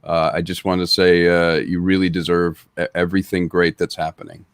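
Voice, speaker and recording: A man's voice: low voice, little pitch movement, a little fast, clean tone, no echo, studio quality. A man, a guest panelist on a livestream, congratulating the hosts in casual chat.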